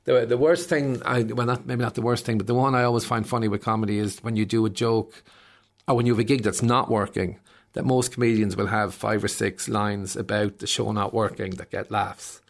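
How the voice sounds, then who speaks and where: A man's voice: on the low side, fairly quick, creaky. An Irish man in his fifties, a stand-up comedian chatting in an interview and acting out voices as he tells stories. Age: 50s. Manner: animated storyteller acting out voices. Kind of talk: casual interview chat.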